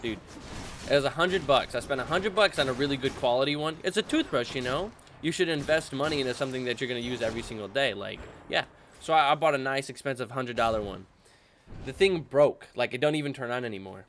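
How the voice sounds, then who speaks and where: A young man chatting casually in a rambling, animated way while playing a video game for his channel. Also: medium pitch, quick pace, slight background noise. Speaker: gaming channel host. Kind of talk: casual let's-play commentary.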